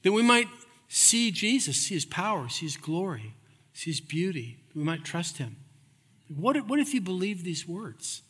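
A man preaching a sermon, emphatic, repeating phrases and swinging between loud and hushed. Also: high-pitched, sing-song, moderate pace, breathy edge, long reverb tail. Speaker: pastor.

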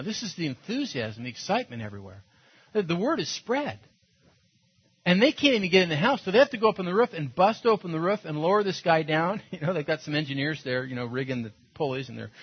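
A male pastor preaching a sermon, retelling a Bible story in a lively, storytelling way and acting out the characters' lines. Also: on the high side, breathy edge, muffled recording. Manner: animated storytelling with acted-out voices and laughs.

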